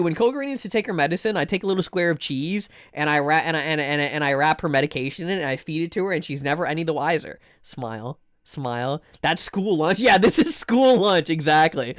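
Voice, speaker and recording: A male streamer bantering with chat during a game, his pitch swooping all over as he plays at being outraged. He stumbles and repeats himself as he talks. The voice sounds close and dry, with no room around it. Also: a little fast, few pauses, dry recording. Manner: animated, playfully indignant, bantering with chat; stammers and repeats words often. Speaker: live streamer. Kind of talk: casual live-stream chat while gaming.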